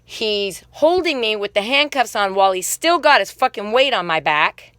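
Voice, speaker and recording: Angry woman vlogger with a sharp tone and a dry sound, cursing through a quick rant. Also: mid-range voice, lively intonation, no room sound. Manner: heated, swearing, quick angry storytelling. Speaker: vlogger telling her own story. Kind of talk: casual spoken monologue.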